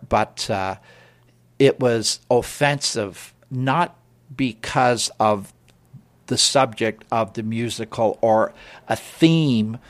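Slow, halting male theater critic. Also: medium pitch. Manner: hesitant, halting with repeated restarts. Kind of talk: casual review chat.

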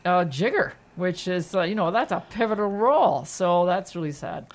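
A woman's voice: lowish voice, expressive, moderate pace. A woman who once acted on stage discusses musicals in casual conversation, chatty and often cutting in. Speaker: theater reviewer and former stage actor. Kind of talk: casual review chat.

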